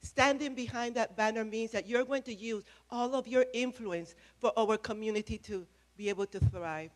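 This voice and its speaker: A woman's voice: fairly high pitch, moderate pace. A woman giving a passionate speech from a podium at an event, emphatic and repeating phrases. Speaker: speaker at a press event. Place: event room with an audience. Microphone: podium microphone.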